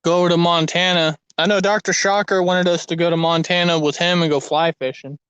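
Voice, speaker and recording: A young man with a high, smooth voice, rambling through a profane, animated fishing story in casual chat. The sound is close and dry, with no room around it. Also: fairly quick, no echo, poor audio. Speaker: fishing vlogger. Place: outdoors at a lake.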